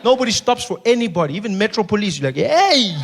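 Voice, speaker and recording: A high-voiced South African man works a stand-up crowd, storytelling at full tilt and slipping into character voices as he goes. A faint hum of the live venue sits under him. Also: racing. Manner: animated storytelling, acts out characters in many voices. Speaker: stand-up comedian. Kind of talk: stand-up comedy set.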